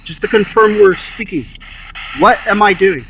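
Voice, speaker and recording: A man's voice: high-pitched, moderate pace, fairly bright tone, slight background noise. A man investigating the paranormal on location, calling out questions and then repeating and explaining what he thinks he heard. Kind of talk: casual on-location commentary.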